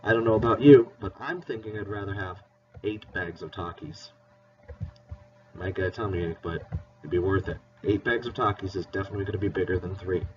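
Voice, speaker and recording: A man's voice: low voice, a little fast, recorded from a distance. A male teacher giving a playful, encouraging math lesson to children. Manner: encouraging, playful, spells words out. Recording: dull lo-fi recording with faint hiss.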